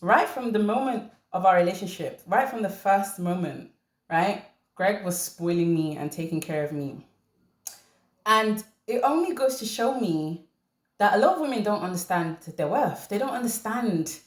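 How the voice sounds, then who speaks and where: A woman of middling pitch hosts a casual commentary video and talks straight to her viewers. She is lively and emphatic, stressing points by saying them again and again. Her voice rings a little in a roomy, echoey space. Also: moderate pace. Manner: animated, laughing, emphatic repetition. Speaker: commentary channel host.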